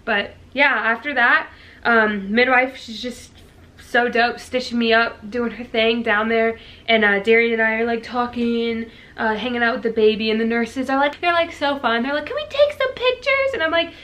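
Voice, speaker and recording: A young woman vlogger casually telling a story to her viewers, full of "like" and slang, jumping way up in pitch when she quotes herself. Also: bright, forceful tone. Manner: chatty, peppered with "like" and slang; jumps high when quoting herself.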